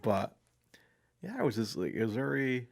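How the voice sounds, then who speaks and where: A man co-hosting a film podcast in casual chat, relaxed, laughing often and trailing off mid-sentence. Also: mid-range voice, moderate pace, vocal fry. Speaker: podcast co-host. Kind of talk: casual chat about films.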